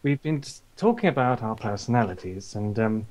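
A man's voice: lowish voice, animated, normal speed, darkish tone. A man, a voice actor, chatting casually on a call, playful and hesitant.

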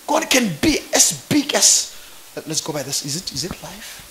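A male pastor preaches at a church conference, his voice sitting unusually high for a man. He swings widely in pitch, calling out questions for the crowd to answer. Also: very animated, moderate pace, sharp tone, slight background noise. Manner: fervent preaching with call-and-response questions. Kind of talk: sermon.

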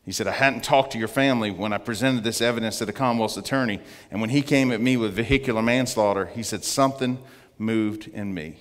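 A man giving an earnest testimony as a guest speaker in church, slowing down to stress his points. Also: fairly low pitch. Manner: earnest storytelling, slowing for emphasis. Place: church sanctuary. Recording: long church reverb.

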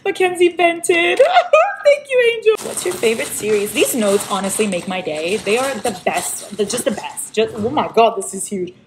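A young woman chatting casually to her viewers as a book vlogger, gushing, excitable and playful. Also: fairly high pitch, moderate pace, few pauses, noisy background. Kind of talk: casual chat unboxing book mail.

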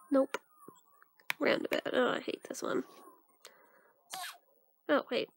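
High-voiced, gravelly woman for grumbling, sarcastic let's-play commentary. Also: takes it slowly, long pauses. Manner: sarcastic, grumbling asides to the game. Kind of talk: casual game commentary.

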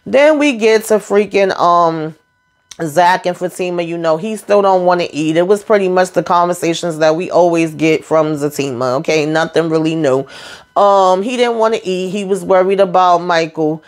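A woman casually recapping a TV episode, chatty and animated, speaking frankly and mildly cursing as she calls out the characters. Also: fairly low pitch, normal speed. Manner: frank and blunt, with mild swearing. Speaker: TV episode reviewer.

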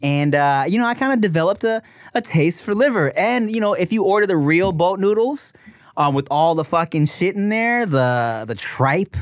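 A man's voice: sits high, expressive, moderate pace, no echo. A male podcast co-host in casual chat, rambling with lots of fillers and giggles.

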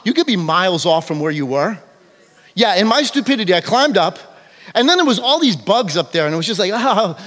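Here is a man preaching in a church sanctuary with a fairly high voice. He tells his stories with animation and keeps checking in with the congregation. The sound trails off in a long hall reverb. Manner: animated storytelling, frequent "okay?" check-ins. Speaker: pastor. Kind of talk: sermon.

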